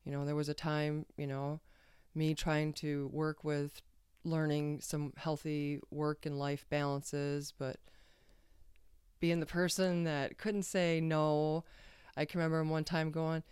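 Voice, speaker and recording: Woman with a very smooth voice, telling a story. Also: deep voice, flat delivery, a little slow, darkish tone, no room sound, studio quality. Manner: rambling, hesitant, with many fillers and restarts. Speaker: podcast guest. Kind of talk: casual storytelling.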